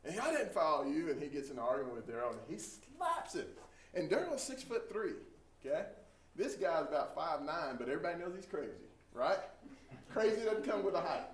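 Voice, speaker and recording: A middle-aged man from Texas, a trainer giving a lively storytelling talk to a group. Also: on the high side, a little fast. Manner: animated storyteller, acts out quoted voices. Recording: echoey room from a distance, faint hum.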